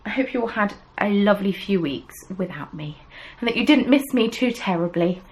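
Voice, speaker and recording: A woman's voice: medium pitch, expressive, moderate pace, slight background noise, rough recording. A young adult woman, hosting a crafting podcast in casual, self-deprecating chat full of ums. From England. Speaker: podcast host. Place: home desk.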